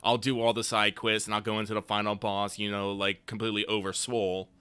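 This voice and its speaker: A man's voice: fairly low pitch, little pitch movement, quick pace, pushed and bright, smooth. A man co-hosting a live stream while playing a game, talking in a loose, casual way and swearing freely.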